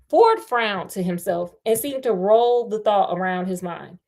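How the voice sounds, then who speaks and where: A woman's voice: mid-range voice, measured pace, few pauses. A woman reading a novel aloud, breaking off now and then for slangy asides to her listeners. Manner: breaks off to talk back to the story with slangy commentary; lively, expressive delivery, stumbles and restarts. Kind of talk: casual read-aloud with chatty asides.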